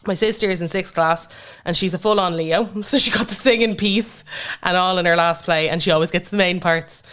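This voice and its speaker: A woman co-hosting a podcast, chatting in an animated way and laughing often. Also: fairly low pitch, fairly quick, clean tone. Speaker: podcast co-host. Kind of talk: casual chat.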